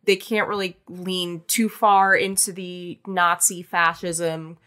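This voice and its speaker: A woman co-hosting a podcast, talking in a chatty, casual way with many fillers, restarts and lively bursts of emphasis. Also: fairly low pitch, slow. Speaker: podcast co-host.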